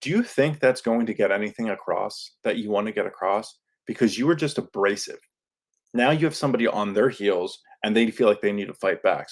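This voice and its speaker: Low-voiced man hosting a coaching podcast. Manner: earnest, coaching, casual with fillers and laughs. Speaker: podcast host. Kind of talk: solo podcast talk. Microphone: studio microphone.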